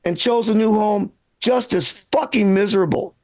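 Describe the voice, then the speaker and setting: A man's voice: sits high, normal speed, a little mellow. A male stand-up comedian from Michigan doing a live set, casual and profane, talking straight to the crowd.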